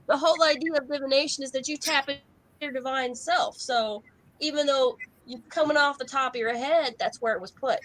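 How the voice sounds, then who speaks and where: A woman's voice: high-pitched, fairly quick, a bit bright, low-quality recording. A woman who works as a professional psychic, giving a frank, chatty tarot reading with casual asides and swearing.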